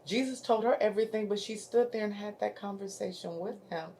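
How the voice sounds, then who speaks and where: A woman's voice: mid-range voice, a little fast, mellow, slight background noise. A woman hosting a faith talk show, who quotes scripture in a preacherly way with emphatic rises. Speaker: host.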